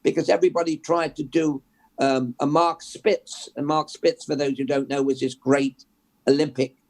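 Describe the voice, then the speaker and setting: Gravelly older Englishman telling stories. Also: a little high, moderate pace. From England. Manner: storytelling, animated, restarts with repeated words. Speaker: guest journalist. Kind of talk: conversational interview.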